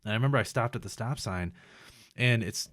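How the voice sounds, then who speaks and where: A man's voice: on the low side, fairly quick, no echo, studio quality. A man casually telling a story on a podcast, rambling and swearing freely as he animatedly relives it. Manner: profane, rambling, animated retelling.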